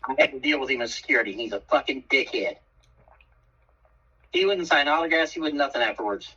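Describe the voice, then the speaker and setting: A man's voice: mid-range voice, fairly quick, husky, recorded from a distance. A man in casual chat, telling blunt, profane stories. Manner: blunt, profane, lively storyteller. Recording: dull, muffled sound from off the mic.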